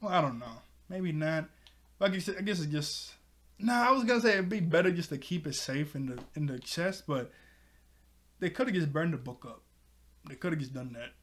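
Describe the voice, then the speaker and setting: A young man's fairly high voice runs through a cartoon episode recap in loose, casual talk. He rambles, corrects himself mid-sentence and chuckles often. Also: lively intonation, normal speed, a bit bright. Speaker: TV episode reviewer.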